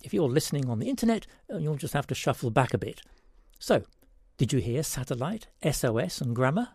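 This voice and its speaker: Male host of a word-puzzle segment, gravelly, lively, dry close sound. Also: medium pitch, brisk, no room sound. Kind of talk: reading a word-puzzle story.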